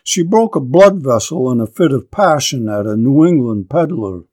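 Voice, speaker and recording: A man's voice: medium pitch, expressive, normal speed, darkish tone, lightly acted. A man reading aloud and voicing a young village mother who tells her story in a plain, matter-of-fact way. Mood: wistful.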